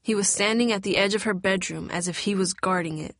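A woman narrating a story in a steady, even storytelling manner, recorded close. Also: medium pitch, brisk, no echo. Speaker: audiobook narrator.

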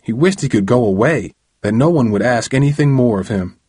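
A man reading a novel aloud as narrator, in a steady storytelling manner. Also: mid-range voice, fairly quick, breathy edge, dry recording, studio quality. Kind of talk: audiobook narration.

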